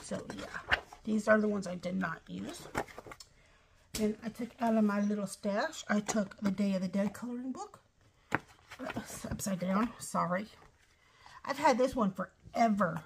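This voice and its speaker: A woman's voice: mid-range voice, unhurried, gravelly, long pauses, background noise. A middle-aged woman from Ohio gives a casual, rambling show-and-tell of her craft project, with apologetic asides. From Ohio, USA. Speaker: craft vlogger.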